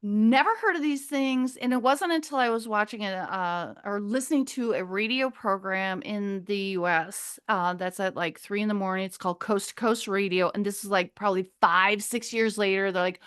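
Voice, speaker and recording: A middle-aged woman from Minnesota, a podcast guest telling a personal story in a rambling, animated way, often searching for words and acting out quotes. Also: medium pitch, smooth. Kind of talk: casual storytelling.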